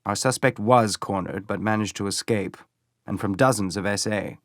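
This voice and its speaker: A man voicing a calm, courteous and methodical police inspector in an audiobook. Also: on the low side, moderate pace, no room sound, clean studio sound, lightly acted. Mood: deliberate.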